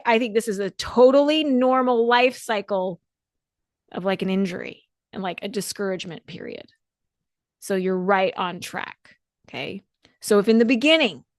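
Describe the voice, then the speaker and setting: A woman's voice: mid-range voice, no room sound. Encouraging woman podcast host, dry sound. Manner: encouraging, conversational, repeats words. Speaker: podcast host and dance coach. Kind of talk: solo podcast coaching talk.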